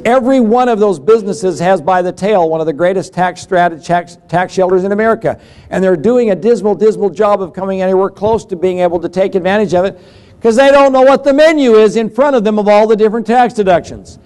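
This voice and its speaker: A man's voice: high-pitched, a little mellow. A middle-aged man giving a seminar lecture on business, folksy and fond of acting out little dialogues to make a point. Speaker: seminar speaker on taxes.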